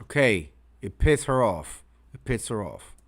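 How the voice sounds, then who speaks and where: A man's voice: fairly low pitch, very animated, unhurried, fairly bright tone. A man hosting a reaction commentary, mocking and crude in his remarks. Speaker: commentary host.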